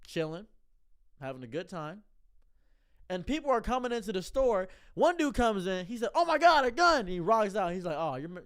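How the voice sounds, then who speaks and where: Deadpan comic storytelling from a man who stutters through repeated words at the start of his sentences. When he impersonates other people, his voice drops lower and softer.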